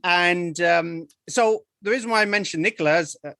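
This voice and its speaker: A man's voice: high voice, moderate pace, bright, forceful tone, dry recording, studio quality. A man hosting a podcast, asking rambling, chatty questions full of fillers. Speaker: podcast host. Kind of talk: conversational interview.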